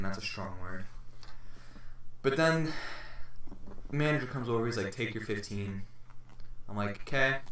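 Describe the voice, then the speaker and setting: A man's voice: on the low side, pushed and bright. A young man telling a long story on a podcast, rambling and swearing as he acts out what people said. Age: teens. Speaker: podcast host. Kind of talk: casual storytelling chat. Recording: echoey room, distant mic.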